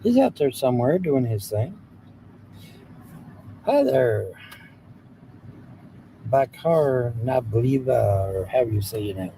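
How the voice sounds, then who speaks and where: A man with a Southwest Ohio accent chats loosely to his livestream audience, greeting viewers and circling back over the same points. His voice is very dark and mellow but swings widely in pitch. Faint idling engines hum behind him outdoors. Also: sing-song, slow, creaky, pauses often, rough recording. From Hamilton, Ohio, USA. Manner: drawling, rambling, greets chat, repeats himself. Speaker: livestream host. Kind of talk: casual livestream chat. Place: outdoors beside idling trucks.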